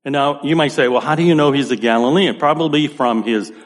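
A man's voice: medium pitch, fairly quick. Boston-accented male pastor in a reverberant hall. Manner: conversational, lots of "you know" and "right". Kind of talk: sermon.

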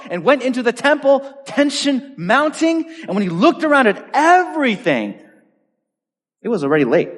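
Animated male preacher in a reverberant hall. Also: a little high, normal speed. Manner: animated, conversational storytelling with acted-out quotes. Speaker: pastor. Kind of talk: sermon.

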